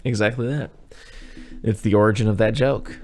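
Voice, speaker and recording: Rambling low-voiced male podcast host. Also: fairly even intonation, normal speed, a little mellow. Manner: rambling, retells scenes in goofy put-on voices. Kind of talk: casual movie-review chat.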